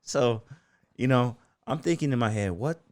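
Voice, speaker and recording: Telling stories as a podcast guest in a storytelling-style interview, this American man, who rides bulls and owns a gym, rambles loosely and leans on "you know" and "man." He speaks at normal speed with a medium-pitched, somewhat dark voice and no echo.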